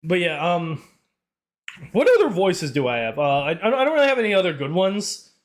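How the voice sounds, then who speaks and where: A man's voice: high-pitched, sing-song, fairly quick. A young man with a Northern Irish accent, chatting on a live stream, rambling off on tangents and laughing often. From Northern Ireland. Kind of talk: casual live-stream chat.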